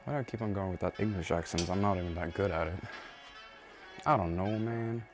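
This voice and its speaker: A man's voice: deep voice, fairly quick, over music. A man talking to himself as he works on his car, muttering, swearing and grunting with effort in casual self-talk. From Sweden. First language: Swedish. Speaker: car-project vlogger.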